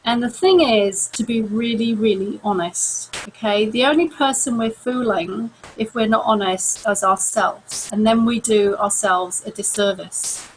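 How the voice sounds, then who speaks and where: A middle-aged woman coaching an audience on stress in a calm, measured, conversational way with occasional restarts. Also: mid-range voice, a little hiss or hum, rough recording. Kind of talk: talk to an audience.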